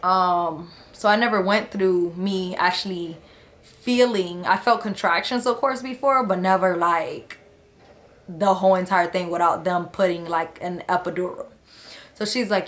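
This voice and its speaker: A woman's voice: fairly low pitch, unhurried, fairly bright tone. Chatty woman vlogger telling a story. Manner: chatty and slangy, acts out the people she quotes. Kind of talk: casual storytelling to camera. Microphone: camera close to her.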